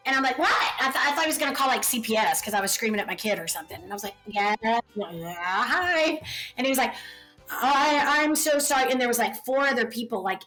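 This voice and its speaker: Woman voice actor, bright forceful tone, fairly high, animated storytelling over music. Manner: energetic, acts out quotes. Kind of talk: casual storytelling.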